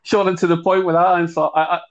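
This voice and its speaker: A man co-hosting a football chat show, speaking in a measured way and thinking aloud with fillers. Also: high voice, flat delivery, lo-fi sound. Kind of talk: casual podcast chat.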